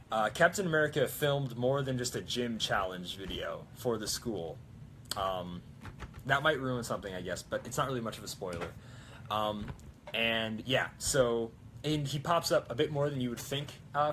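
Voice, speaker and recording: A man's voice: medium pitch, a bit bright, slight background noise. A man cosplayer chatting casually on a live stream, rambling and correcting himself with little jokes. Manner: rambling, self-correcting and jokey.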